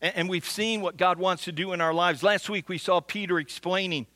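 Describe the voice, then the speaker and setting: High, bright-voiced preaching man. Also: steady tone, no echo. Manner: earnest, with frequent restarts and slow emphatic repetition. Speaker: pastor. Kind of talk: sermon.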